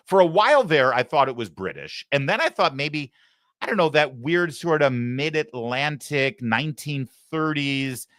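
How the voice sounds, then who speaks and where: Man, talk show host, sarcastic, swinging pitch, dry studio sound. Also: no echo. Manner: sarcastic, mocking, animated. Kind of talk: commentary.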